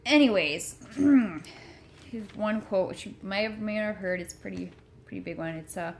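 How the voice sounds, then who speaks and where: A woman talks at home in a loose, rambling way, earnest and a little self-deprecating. Her voice sits at a middle pitch. A faint hiss of room noise hangs under her words. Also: normal speed, creaky. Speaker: motivational vlogger. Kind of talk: rambling casual chat.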